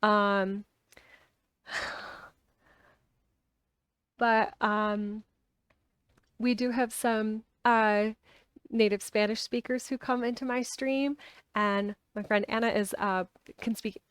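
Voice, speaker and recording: A woman reads a novel aloud on a live stream from her home and breaks off for chatty asides to viewers. Her pitch is in a middle range. The recording is dry, without room echo. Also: fairly even intonation, slow, long pauses, smooth. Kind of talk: live-streamed book reading. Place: home with dogs around.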